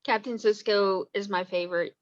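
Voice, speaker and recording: A woman's voice: mid-range voice, steady tone, moderate pace. A woman on a casual group video chat, speaking as an eager fan. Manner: enthusiastic fan. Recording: dull lo-fi audio.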